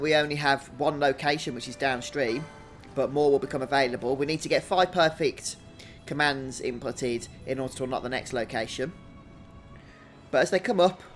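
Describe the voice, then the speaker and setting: A man hosting a video game walkthrough in a relaxed, chatty way, thinking out loud as he plays. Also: medium pitch. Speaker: gaming channel host.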